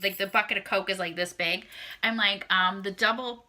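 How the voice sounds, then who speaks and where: A woman's voice: mid-range voice, steady tone, moderate pace, sharp tone, slight background noise. A woman, telling a dating story to camera in a blunt, profane, casual way. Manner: blunt, heavily profane, acts out her own reactions. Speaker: vlogger.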